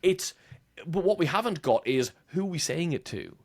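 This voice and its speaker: A man who is a podcast guest explaining marketing in a conversational interview, animated and using examples with shifting emphasis. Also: on the high side, normal speed.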